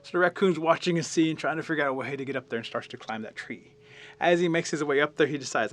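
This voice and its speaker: Animated man telling a traditional story. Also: on the high side, quick pace. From Cherokee Nation. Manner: animated, dramatic, acts out the scenes.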